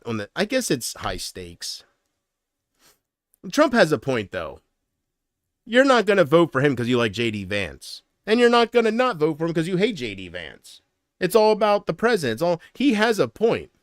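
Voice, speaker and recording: A man rambles through his livestream in a loose, profane, joking way. His voice climbs and dips all over the place and sits a little high for a man. The sound is dry and close, with no room around it. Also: no echo. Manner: rambling, profane, laughs at own jokes; breaks into loud mocking impressions. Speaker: livestream host. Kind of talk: casual livestream chat.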